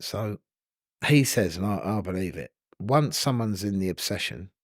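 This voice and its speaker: Man, 40s, deep voice, candid rambling guest, dry close sound. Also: animated, moderate pace, no echo. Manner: earnest, rambling, frequent "you know what I mean". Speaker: podcast guest. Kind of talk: casual candid storytelling.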